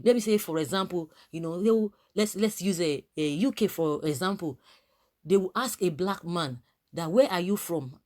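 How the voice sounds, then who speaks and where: A woman with a Nigerian accent speaks her mind in a relaxed, unscripted way. Her sentences wander and restart, padded with frequent fillers as she builds her point. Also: medium pitch. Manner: rambling, many fillers and restarts. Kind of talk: casual opinion talk.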